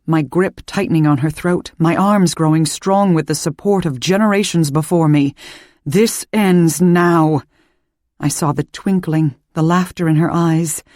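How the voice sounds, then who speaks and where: A woman reading a first-person suspense audiobook in a measured, calm storytelling voice. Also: deep voice, dry recording, clean studio sound. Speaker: audiobook narrator.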